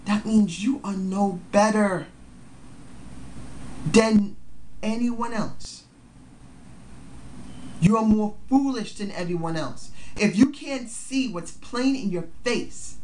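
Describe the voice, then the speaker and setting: Forties vlogger ranting at the cam, preachy n emphatic, cusses a lot, mid pitch, faint hum in the room. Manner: emphatic, preachy, swears freely. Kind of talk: impassioned video rant.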